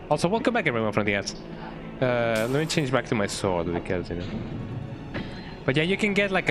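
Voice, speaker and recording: A man streaming a game with casual, chatty commentary and a fairly low voice. He often ends his lines with "eh". Game music plays clearly underneath him. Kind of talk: casual let's-play commentary.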